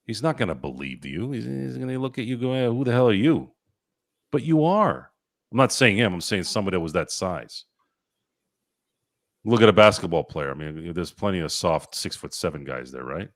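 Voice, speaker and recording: A man's voice: low voice, sing-song, moderate pace, no echo, studio quality. A man co-hosting a casual sports podcast, ranting bluntly and opinionatedly, with casual swearing. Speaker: podcast co-host.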